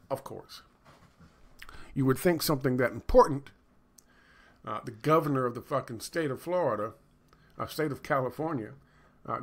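A middle-aged man ranting in a casual commentary, sarcastic and profane, rambling with lots of fillers. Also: medium pitch. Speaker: video commentator.

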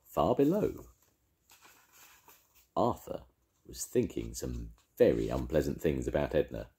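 An older man reading a children's story aloud with gentle, expressive storytelling. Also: extremely low pitch.

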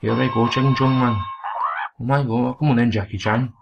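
With loud game sounds and clicking behind him, a young Scottish gaming channel host curses his way through rowdy let's play commentary on a boxing game. His creaky voice is medium in pitch, fairly even in intonation, and at normal speed.

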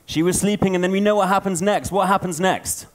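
A man giving a storytelling conference talk, an animated storyteller. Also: high voice, a little fast. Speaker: conference speaker.

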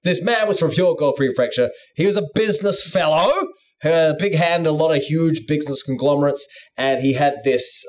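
Playful man podcaster, lively pitch. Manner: playful, jokey, swings pitch a lot. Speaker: podcast co-host. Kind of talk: casual podcast chat.

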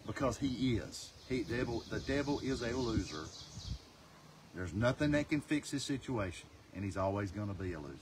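A man from North Carolina, preaching a passionate sermon as an evangelist. His delivery swings between loud, urgent stretches and hushed ones. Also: on the low side, expressive, moderate pace, background noise. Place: outdoors.

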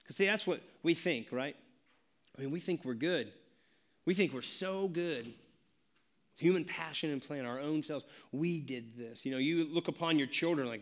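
A male pastor giving a conversational church sermon, animated and laughing as he acts out family stories. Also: mid-range voice, normal speed. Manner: animated, laughing, acting out dialogue. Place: church sanctuary.

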